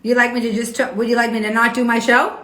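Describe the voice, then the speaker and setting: Host type: bright, rather high woman, riled up, defending herself to viewers in an echoey room. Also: little pitch movement, fast talker. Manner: indignant, argumentative, repeats herself. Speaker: host of a weekly live show. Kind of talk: Instagram live stream, reading and answering comments.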